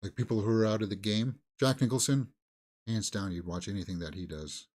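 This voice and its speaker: A man co-hosting a movie talk show, chatting casually and thinking aloud with halting restarts. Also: lowish voice, darkish tone. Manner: musing, halting, with fillers and restarts. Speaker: movie news co-host. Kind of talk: casual chat.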